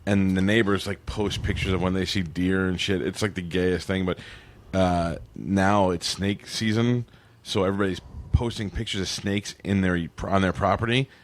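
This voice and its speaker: Guest man with a lowish voice; loose, rambling, cusses bluntly and jokes at his own expense. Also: steady tone, moderate pace, a little hiss or hum. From Florida. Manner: rambling, self-deprecating, blunt cursing. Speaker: podcast guest. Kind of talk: casual podcast chat.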